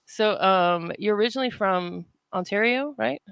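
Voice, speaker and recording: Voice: medium pitch, moderate pace, creaky, fairly bright tone, clean tone, no room sound. A podcast host running a casual interview, laid-back and upbeat, greeting listeners with hype.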